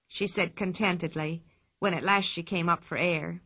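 A woman narrating a children's storybook with expressive telling. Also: on the low side, normal speed. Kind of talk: storybook reading.

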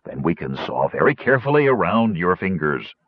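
A blunt, practical gnome who speaks briskly in a raised voice , as a man puts him on in an audiobook. The tone is somewhat husky, and the recording is dry. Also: low-pitched, very animated, no room sound, phone-quality sound.

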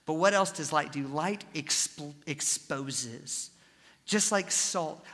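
A young adult man preaching a sermon, switching between scripture and animated, folksy storytelling asides. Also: a little high, slow pace, in a large hall.

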